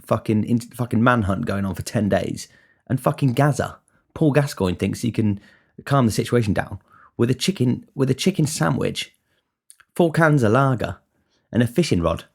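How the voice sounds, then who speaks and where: Deep-voiced sweary man. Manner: sweary, rambling, animated. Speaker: podcast host. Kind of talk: casual storytelling.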